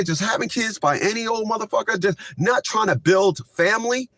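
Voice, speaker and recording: A man hosting a commentary show, reacting to clips in a casual, animated rant. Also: sits high, moderate pace, no room sound. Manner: animated, rising to shouts when worked up.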